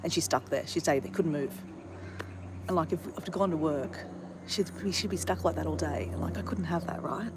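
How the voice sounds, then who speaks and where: A woman vlogger talking casually in a hushed whisper, outdoors in a front yard. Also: deep voice, fairly quick, very noisy. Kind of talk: casual vlog chat.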